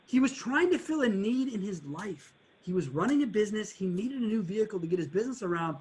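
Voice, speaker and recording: High-voiced man hosting a podcast. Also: fast talker. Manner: animated storyteller who swears freely. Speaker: podcast host. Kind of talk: casual interview chat.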